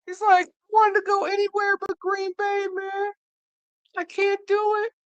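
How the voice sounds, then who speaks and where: A woman voicing a sobbing young male football rookie who whines in a high, wailing voice. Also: unhurried, pushed and bright, smooth, no echo, dull audio. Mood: whining.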